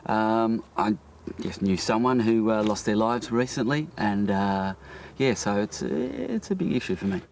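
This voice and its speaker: An Australian man talking casually in an interview, relaxed and hesitant with fillers. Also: fairly low pitch, unhurried, vocal fry, noisy background. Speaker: poet.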